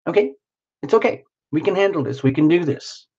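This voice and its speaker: A man's voice: fairly high pitch, animated, a little fast, a little mellow, breathy edge, muffled recording. A worn-out man hosting a tarot livestream, rambling casually and greeting viewers by name.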